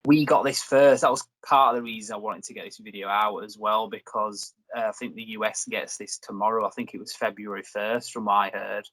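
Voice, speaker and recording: A man's voice: lowish voice, steady tone, a little fast, hardly any pauses, a bit bright, dry recording, rough recording. A young man hosting a review video, rambling and joking in casual chat. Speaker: reviewer and host.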